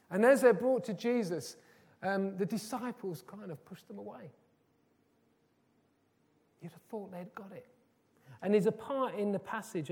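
A man's voice: sits high, mellow. Earnest man preaching a sermon. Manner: earnest, rising to emphatic repetition.

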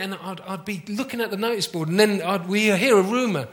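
A man preaching a conversational sermon to his congregation, often asking them questions and slowly repeating key phrases. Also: sits high, sharp tone. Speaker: pastor.

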